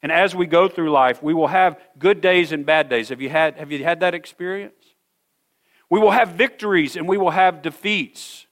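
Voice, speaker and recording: A middle-aged man preaching a sermon to a congregation in a church hall, earnest, often repeating words and slowing down to stress a point. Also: fairly high pitch, a bit bright. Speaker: pastor.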